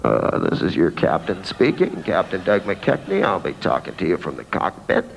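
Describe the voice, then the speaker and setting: A stand-up comedian voicing a depressed male airline captain making a cabin announcement in a low mumbling monotone. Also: moderate pace, creaky, a little hiss or hum, full character voice. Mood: dejected. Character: gloomy heartbroken male airline pilot.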